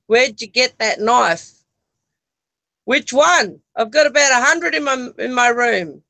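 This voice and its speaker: An Australian livestream co-host, chatting with the viewers from a bedroom into a phone propped on a selfie stick. The voice is gravelly with a bright, forceful edge, and the talk is loose and full of giggles. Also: medium pitch, expressive, slow, rough recording. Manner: giggly, chatty, talks to the chat. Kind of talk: casual livestream chat. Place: own bedroom.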